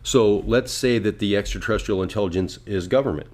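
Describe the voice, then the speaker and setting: Low-voiced rambling podcast host man. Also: brisk, a little mellow. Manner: rambling, profane, acts out voices. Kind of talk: casual podcast chat.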